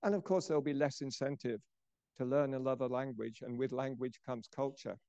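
An older man giving a lecture as a professor, explaining in a measured way and dropping softer at the ends of phrases. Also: mid-range voice, fairly even intonation, gravelly, clean tone, dry recording. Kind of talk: lecture presentation.

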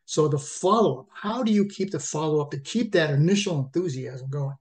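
A man hosting a podcast, asking a guest questions in a halting way that often restarts phrases. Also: fairly high pitch, animated. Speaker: podcast host. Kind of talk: interview questions.

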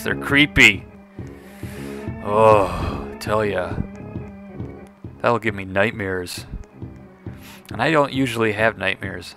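Playful, bright-voiced gaming man. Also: medium pitch, vocal fry. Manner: playful, excitable, teasing the players and talking to viewers. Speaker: gaming video creator. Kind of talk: casual gameplay commentary.

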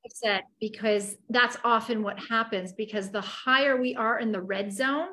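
A woman's voice: a little high, normal speed, sharp tone. A woman hosting an interview who asks probing questions and reflects the guest's feelings back to him. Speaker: interview host. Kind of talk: conversational interview.

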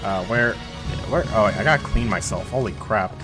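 A young man streaming a game, chatting excitedly, yelling at characters and swearing when things go wrong. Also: lowish voice, a little fast, over music. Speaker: gaming streamer. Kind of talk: live gameplay commentary.

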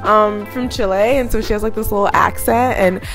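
A young woman in her twenties chatting casually in a vlog, full of fillers and quick laughs. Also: medium pitch, steady tone, a bit bright, soft background music. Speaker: student vlogger.

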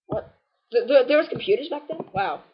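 A woman's voice: high-pitched, animated, a little fast, slightly rough, lo-fi sound. A woman casually commenting on a game walkthrough, rambling and sarcastic with lots of "like" and "anyways". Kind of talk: casual let's-play commentary.

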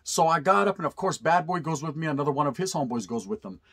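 A middle-aged man tells a story in a casual, animated way, loaded with profanity and street slang. His voice is husky and sits a bit high for a man. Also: fast talker. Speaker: storyteller vlogger.

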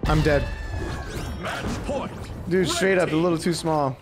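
A young man giving live gameplay commentary, excitable and prone to high squeals when something delights him. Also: measured pace, long pauses, over music. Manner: excitable, swings into high squeals over cute moments. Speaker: streamer.

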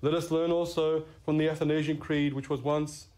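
A man preaches a Catholic sermon in an earnest, steady manner. His voice sits a little higher than most men's, and he leans on the words he wants remembered. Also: normal speed. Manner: earnest, stresses key words. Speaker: Catholic priest.

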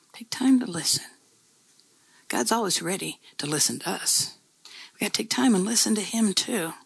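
A woman's voice: lowish voice, no room sound. A woman pastor preaching a sermon in a conversational, folksy storytelling way, with repeated phrases.

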